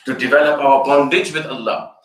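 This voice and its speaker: A man's voice: medium pitch, fairly even intonation, a little fast. An older man, an Islamic scholar, giving an explanatory fundraiser lecture. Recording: echoey room, distant mic.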